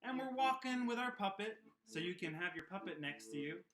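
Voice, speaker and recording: A man teaching a children's puppet and sing-along lesson at home, speaking gently and encouragingly. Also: sits high, lively intonation, fairly quick. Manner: gentle, encouraging, talks to kids. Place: home room.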